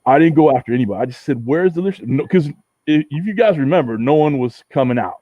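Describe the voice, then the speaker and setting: A man's voice: mid-range voice, fast, dry recording, narrow, tinny audio. A man from Southern California, a guest on a casual livestream, telling a story with lots of swearing and acting out the back-and-forth. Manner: profane, animated storytelling, acts out quoted exchanges.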